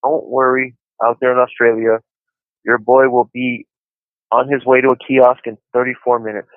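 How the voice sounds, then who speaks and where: A man's voice: medium pitch, level tone, moderate pace, no echo. A man rambles and jokes through a tinny prison phone line. His sound is dry and close, and he laughs often as he talks. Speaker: co-host calling in from prison. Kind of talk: casual chat over a phone call.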